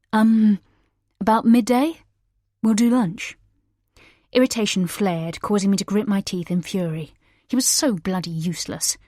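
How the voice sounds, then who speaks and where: Woman narrating a thriller, low and dry. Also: darkish tone, no room sound. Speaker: audiobook narrator. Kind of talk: first-person scripted narration.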